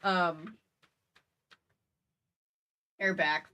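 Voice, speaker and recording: A woman host reads a book aloud, breaking off for playful, chatty comedic asides. Her delivery is relaxed and conversational. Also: sits low, takes it slowly, creaky, long pauses.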